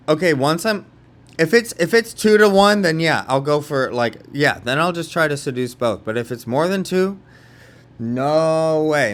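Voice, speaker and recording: Rambling young man from California. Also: fairly high pitch. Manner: rambling, with many fillers and restarts. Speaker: vlogger. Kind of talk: casual storytelling monologue.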